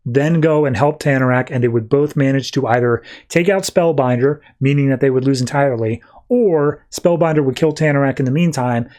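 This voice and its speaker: A man's voice: mid-range voice, a little mellow. A man hosting a podcast, casually retelling a comic story and paraphrasing the characters' lines as he goes. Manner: retells scenes with quick paraphrased dialogue. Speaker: podcast host. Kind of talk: casual comic book recap.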